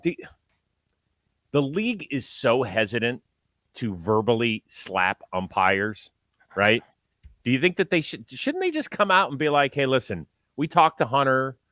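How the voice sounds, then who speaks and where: A man hosting a casual sports talk show, animated and quick to laugh as he tells stories. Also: mid-range voice, no room sound. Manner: animated, laughing, excitable storyteller.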